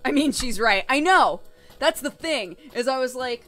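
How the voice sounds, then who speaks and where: A young adult woman streamer telling a story in a casual, animated way, swearing freely and laughing often. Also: high voice, normal speed, faint music behind.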